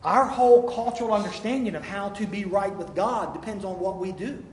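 A man's voice: high-pitched, fairly quick. A man preaching a sermon as a pastor, emphatic and full of rhetorical questions, speaking in a church sanctuary. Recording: echoey hall, faint room ambience.

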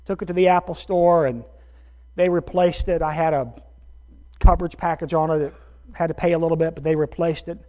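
A middle-aged man, a pastor, telling a story in a sermon with animated, self-deprecating bursts of energy. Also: a little high, fairly quick. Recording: dull lo-fi sermon recording.

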